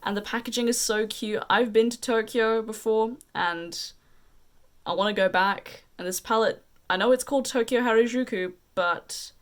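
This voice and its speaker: A young woman with an unusual mixed accent, chatting casually and gushing about makeup as a beauty vlogger. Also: mid-range voice. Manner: gushing, chatty, drawn-out emphasis. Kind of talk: casual chat.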